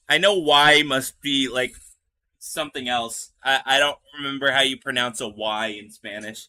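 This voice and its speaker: A man's voice: on the high side, normal speed, sharp tone. A young man streaming a video game live, chatting with his viewers, joking, and reading the game's lines aloud. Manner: chatty and jokey, reads game lines aloud, talks to chat.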